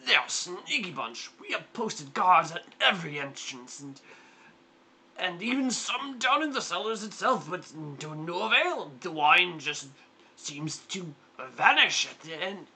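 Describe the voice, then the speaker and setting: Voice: mid-range voice, sing-song, unhurried, sharp tone, slight background noise, voice pushed up, heavily acted, poor audio. A performer voicing a short, portly, jovial older duke who gushes and repeats himself. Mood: fussing. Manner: effusive, repeats words.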